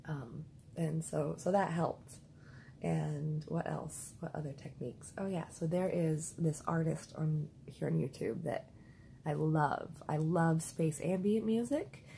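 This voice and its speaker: A woman talking through her dream journal in a rambling, casual way, repeating words and clearing her throat, with the hiccups. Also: low voice, dark tone, slight background noise, poor audio. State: has the hiccups. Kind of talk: casual spoken diary.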